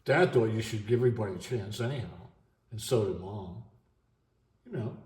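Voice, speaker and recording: Middle-aged guy rambling on his vlog, halting and emotional, warm low-key voice, roomy echo. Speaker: vlogger. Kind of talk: unscripted monologue vlog. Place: at home.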